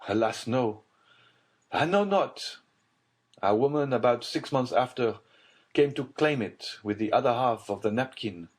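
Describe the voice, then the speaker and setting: A man's voice: mid-range voice, lively intonation, measured pace, voice pushed up. A man voicing a desperate middle-aged nobleman who speaks with tense, urgent gravity in an audiobook. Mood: grave. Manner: tense, urgent and grave delivery. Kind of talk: audiobook character voice.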